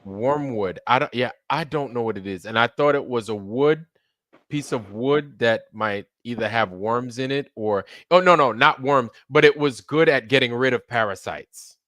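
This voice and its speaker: A man's voice: mid-range voice, normal speed, no echo, studio quality. A middle-aged man from Brooklyn co-hosting a livestream, chatting casually and swearing freely. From Brooklyn, New York. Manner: animated storytelling, swears freely. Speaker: co-host.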